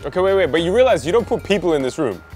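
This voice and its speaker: A man's voice: on the high side, very animated, rapid-fire, a little mellow, faint music behind. A man co-hosting a casual comedic news chat, playful and teasing. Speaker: co-host.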